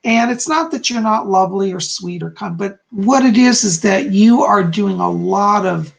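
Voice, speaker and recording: Gravelly-voiced man giving psychic readings. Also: sits high, moderate pace, low-quality recording. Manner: reads viewer comments aloud, then answers in a gentle, reassuring way. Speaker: psychic host. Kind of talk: live-stream psychic readings.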